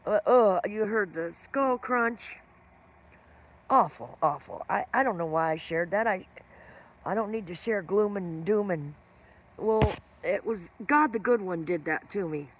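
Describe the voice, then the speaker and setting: Chatty woman, slow rambling livestream talk. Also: medium pitch, lively intonation, slight background noise. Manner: chatty, rambling, talks to viewers by name. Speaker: livestream host. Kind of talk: casual livestream chat with viewers.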